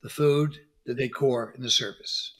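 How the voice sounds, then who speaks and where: A middle-aged man telling stories as a guest on an interview, animated and acting out quoted lines. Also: medium pitch, moderate pace. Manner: animated storyteller, acts out quotes. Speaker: podcast guest, dentist. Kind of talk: conversational interview.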